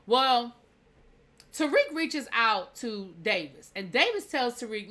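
Bright-voiced woman recapping a TV episode. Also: on the high side, big pitch swings, slow pace. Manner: opinionated, heated rhetorical asides; retells scenes in quoted dialogue. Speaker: TV show reviewer.

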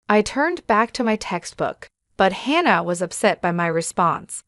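A woman reading a first-person story aloud as scripted narration, in a steady, measured way. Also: medium pitch, no echo, studio quality.

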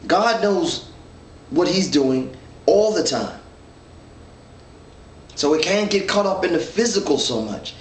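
A man's voice: high voice, expressive, slow pace, pauses often, a little hiss or hum. Earnest man teaching the Bible in an echoey room. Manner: earnest, thinks aloud with restarts, reads scripture. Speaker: Bible study leader. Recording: echoey room, mic at a distance, faint ambience.

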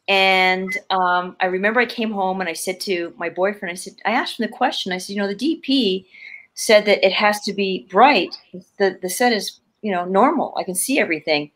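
A woman in her fifties, a guest actor from Canada, telling stories in a casual interview over a video call, laughing often and restarting her sentences. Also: medium pitch. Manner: animated, laughing, many restarts.

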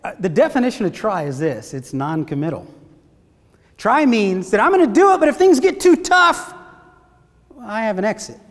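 A man giving a motivational seminar talk, energetic and asking his audience questions. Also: high voice, moderate pace. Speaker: motivational speaker. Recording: long hall reverb.

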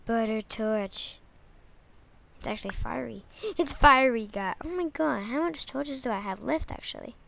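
A goofy, excitable woman narrates her game as she plays, chattering to herself and her viewers. Her voice sits high and swings widely, with a bright, gravelly edge, and she takes her time. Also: a little slow, a little hiss or hum. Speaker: gamer. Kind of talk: let's play commentary.

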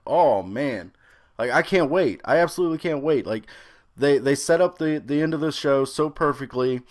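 A young adult man giving a casual, rambling review of a series, excitable and swearing freely. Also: fairly high pitch, moderate pace.

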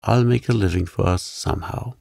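A man voicing a charming, playful young gentleman artist in a sleep-story reading, teasing and light. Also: fairly low pitch, fairly quick, vocal fry, dry recording, clean studio sound.

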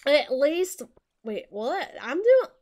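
Young woman streamer, excitable and sweary, bouncy pitch all over the place. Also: slow pace. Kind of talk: casual co-op gaming chat.

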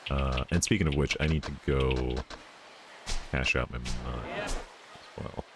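A man's voice: rumbling low, steady tone, a little slow, noisy background. A man co-hosting a casual let's-play, chuckling and laid-back as he reads and comments. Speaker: co-host playing a video game. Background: game music.

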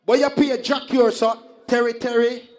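Shouting high-voiced Jamaican selector. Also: male voice, little pitch movement, normal speed. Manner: shouting at the crowd in patois, hoarse hype. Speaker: sound system selector. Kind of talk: live sound clash hype talk. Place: live outdoor dance event.

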